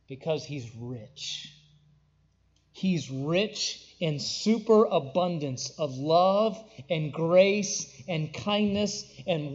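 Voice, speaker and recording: A young man delivering a sermon, his voice pitched high for a man. He climbs into ringing, emphatic declarations and then sinks to soft, tender passages. The recording is dull and lo-fi. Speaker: pastor.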